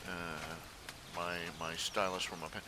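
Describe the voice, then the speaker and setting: A man talking to his viewers from his computer at home, casual and meandering, full of fillers and restarts. His voice sits a bit low. A steady noise runs under the recording. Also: measured pace. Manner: rambling, hesitant, many fillers and restarts. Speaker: webcomic artist streaming live. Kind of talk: casual live-stream talk to viewers.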